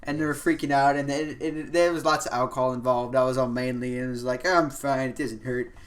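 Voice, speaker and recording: A young man on a casual podcast, spinning a story in a loose, rambling way. His voice sits at an ordinary middle pitch, and he keeps stringing thoughts together with "like" and "you know." It is relaxed, unscripted chat. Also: fast. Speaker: podcast host.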